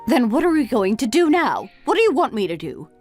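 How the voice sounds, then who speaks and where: A woman's voice: high voice, very animated, darkish tone, faint music behind. A woman voicing a fed-up, complaining mother. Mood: self-pitying. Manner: complaining, rapid-fire questions. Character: exasperated middle-aged mother, resentful. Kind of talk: dramatized family story reading.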